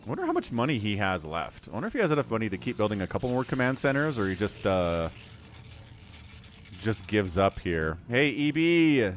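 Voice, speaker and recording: A man's voice: lowish voice, very animated, brisk, slight background noise. A man casting a strategy game on a live stream, chatty, laughing often and greeting viewers. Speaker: game caster.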